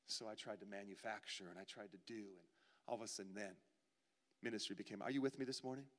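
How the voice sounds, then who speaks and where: A man preaching a sermon as pastor, swinging from loud pleading to near-whispers. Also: on the low side, fairly even intonation, fast talker. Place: church sanctuary. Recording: long reverb of a church hall.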